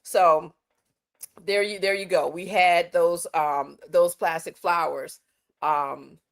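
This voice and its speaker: A woman hosts a relaxed online talk, her voice sitting slightly low. She tells stories in a loose, folksy manner, with easy pauses. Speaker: host. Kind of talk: casual video call chat.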